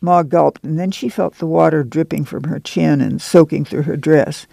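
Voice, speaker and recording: A man narrating an audiobook in a steady, measured reading. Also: on the high side, vocal fry, dry recording. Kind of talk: scripted narration.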